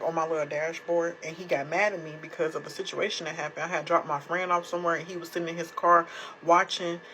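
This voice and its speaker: A woman's voice: lowish voice, a bit bright, slight background noise, low-quality recording. Blunt, candid young woman telling a story. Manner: candid, blunt, profane, emotionally raw. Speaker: storytime creator. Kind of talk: casual storytelling to camera.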